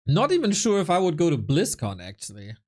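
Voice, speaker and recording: Animated man casting a strategy game. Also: on the high side, a little fast. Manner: lively, chatty, reacts to viewers mid-commentary. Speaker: esports caster and streamer. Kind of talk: live game commentary and chat with viewers.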